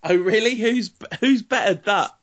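Man, podcast co-host, casual chat, wry, enthusiastic, fairly high voice. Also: moderate pace, fairly bright tone, muffled recording. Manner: enthusiastic, wry, laughing storyteller.

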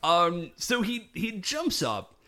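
Animated man recapping a show. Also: sits high, slow pace. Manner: animated, acts out characters' lines. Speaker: podcast co-host. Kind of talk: casual chat recapping a TV episode.

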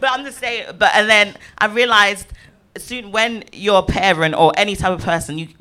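Animated young woman, bright voice. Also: mid-range voice, moderate pace. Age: 20s. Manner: animated storyteller, acts out voices with big laughs. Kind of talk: casual chat before a live audience.

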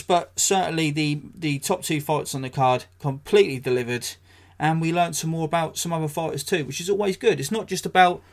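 A man's voice: a little high, fairly quick. English guy doing his solo podcast, swears a lot, blunt rants, dry jokes. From England. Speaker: podcast host.

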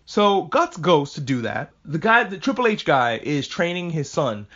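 Podcast host, male, slightly high-voiced; joking, swearing recap of a story, dull low-fi sound. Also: sing-song, normal speed, hardly any pauses, a bit bright. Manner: profane, jokey, acts out characters' lines. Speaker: podcast host reviewing an anime. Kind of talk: casual recap and commentary. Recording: dull lo-fi recording.

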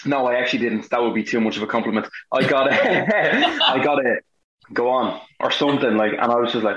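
A man's voice: medium pitch, fast, roomy sound, muffled recording. An Irish man, an actor being interviewed, chatting casually and acting out the quotes in his stories. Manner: animated storyteller, acts out quotes. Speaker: guest, actor. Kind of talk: casual chat.

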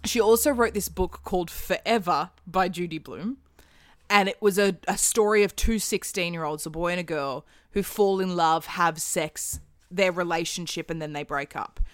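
A woman's voice: lowish voice, moderate pace, no room sound, clean studio sound. A woman, chatting casually as a podcast co-host and telling stories with the odd curse word. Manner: chatty storyteller, swears casually. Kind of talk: casual chat.

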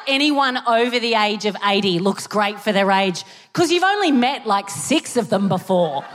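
An Australian woman performs a stand-up set on a theatre stage. Her voice sits fairly high, and she tells her stories animatedly, breaking into shouted punchlines. The room carries a long reverb from the hall. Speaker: stand-up comedian. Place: theatre stage before a live audience.

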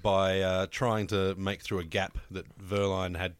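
A man co-hosting a casual sports chat, crude and jokey, rambling with many pauses. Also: deep voice, level tone, clear, resonant tone, dry recording. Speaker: podcast co-host.

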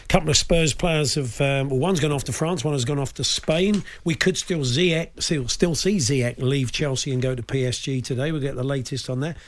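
A man's voice: medium pitch, moderate pace, hardly any pauses. A man hosting a sports radio show, chatting casually about football transfers with his co-host. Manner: chatty, conversational with restarts.

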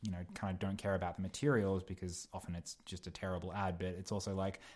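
A young actor talks fast in a low, darkish voice with a level tone, chatting casually as a podcast guest. He meanders through his thoughts with lots of fillers and restarts, and there's a little hiss or hum.

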